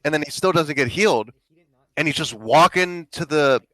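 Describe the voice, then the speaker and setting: A man co-hosting a stream reviewing his team's match, telling stories in casual chat and getting loud when quoting his own shouts. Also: a little high, moderate pace, no echo.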